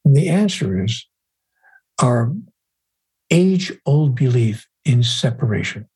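An older man as a guest, speaking in a measured, emphatic storytelling manner. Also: medium pitch, very animated, dark tone, slightly rough, low-quality recording. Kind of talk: reflective conversation.

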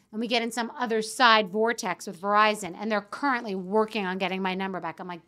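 A woman in her fifties telling an animated, profane story as a social media personality, acting out the quoted lines. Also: mid-range voice, fast talker, hardly any pauses. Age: 50s. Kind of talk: profane comedic rant to camera.

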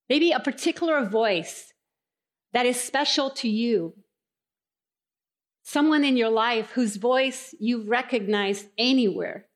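A middle-aged woman pastor preaching a sermon, telling stories and slowing down and softening her voice to stress key lines. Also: high-pitched. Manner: storytelling, slows and softens for emphasis.

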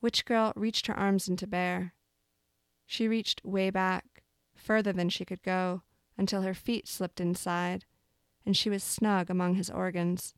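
Woman storyteller, calm measured reading, smooth resonant voice, dry close sound. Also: mid-range voice, no echo. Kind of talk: storytelling, reading a dark fable aloud.

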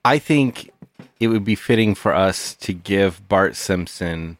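A man co-hosting a comedy podcast, joking with mock solemnity in a deadpan manner. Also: low-pitched, slow pace, dry recording. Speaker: podcast co-host. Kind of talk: casual comedic chat.

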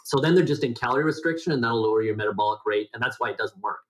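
A man's voice: very fast, fairly bright tone, rough recording. Middle-aged man, nasal voice, interview guest, rambling and full of fillers. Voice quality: self-described high nasal voice. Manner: rambling, many restarts and fillers. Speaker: guest health educator. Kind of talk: conversational interview.

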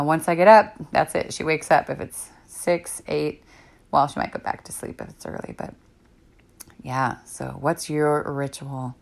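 A woman's voice: sits low, vocal fry. A woman in her thirties hosting a parenting podcast alone, talking in a reflective, rambling way with many fillers. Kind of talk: casual solo talk.

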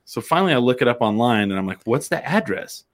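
A man's voice: mid-range voice, big pitch swings, quick pace. A man from New Mexico hosting a casual chat, telling a rambling, profane story and laughing often. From New Mexico, USA.

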